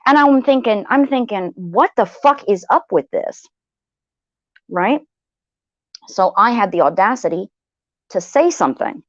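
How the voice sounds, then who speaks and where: A woman's voice: medium pitch, expressive, unhurried, long pauses, no echo, lo-fi sound. Heated, blunt woman venting on a livestream. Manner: heated, blunt, swears freely, repeats phrases. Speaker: livestream host. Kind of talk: venting personal story to viewers.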